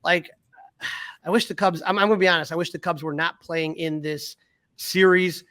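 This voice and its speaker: A man's voice: on the high side, steady tone, normal speed, pushed and bright, dry recording, clean studio sound. A middle-aged man co-hosting a sports podcast in casual chat, reading out stats with fillers and restarts. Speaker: podcast co-host.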